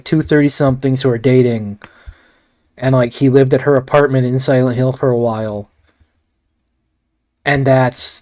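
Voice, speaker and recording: A man talking through a movie review on his own in a loose, meandering way. His voice sits in an ordinary middle pitch, and he swears freely, stops himself and doubles back mid-sentence. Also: a little mellow. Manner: rambling, profane, frequent restarts and asides. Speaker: film reviewer. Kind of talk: casual solo review ramble.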